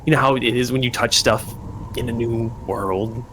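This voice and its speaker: A man's voice: medium pitch, steady tone, moderate pace, a crowd in the background, poor audio. A man joking around with friends during a tabletop game, laughing often. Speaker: tabletop player. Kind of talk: casual game chat.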